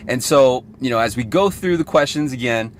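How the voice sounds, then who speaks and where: A man's voice: medium pitch, expressive, normal speed, a little hiss or hum. A young man giving casual sales advice from his car, rambling and swearing now and then. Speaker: sales coach vlogger. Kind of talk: casual motivational talk.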